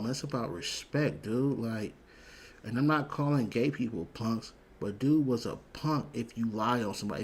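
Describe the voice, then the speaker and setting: A husky man talks straight to his viewers as a show host. He rants bluntly, heated and profane, and repeats himself as he goes. His voice sits at an ordinary middle pitch. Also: a little mellow. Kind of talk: casual commentary rant.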